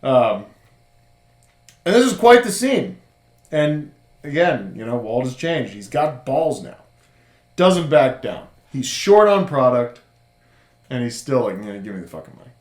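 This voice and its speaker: A man's voice: medium pitch, big pitch swings, slow pace, long pauses. Laughing man recapping a show. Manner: loose, laughing, full of fillers. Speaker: podcast co-host. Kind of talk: casual chat recapping a TV show. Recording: roomy echo.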